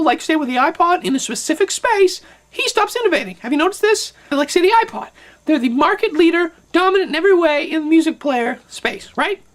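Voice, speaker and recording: A woman rants on camera in a high voice, sarcastic and animated. She riffs through an opinionated commentary, slipping into mocking asides. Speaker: vlogger.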